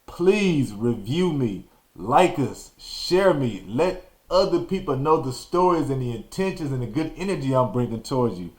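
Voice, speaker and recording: A man from Texas hosting a podcast, telling a story in an animated, slangy way and acting out the scenes. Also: mid-range voice, normal speed. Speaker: podcast host. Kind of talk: storytelling monologue.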